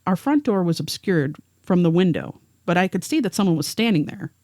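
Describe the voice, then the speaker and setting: A woman's voice: lowish voice, lively intonation, fairly quick, dark tone, dry recording, clean studio sound. A woman co-hosting a podcast, narrating a first-hand story and reading the witness's words aloud. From rural area. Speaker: podcast co-host.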